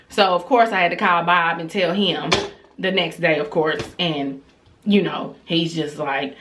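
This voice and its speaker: A woman's voice: lowish voice, measured pace. A woman, telling a casual storytime vlog and acting out scolding her child. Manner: animated, acts out scolding her child in a raised voice.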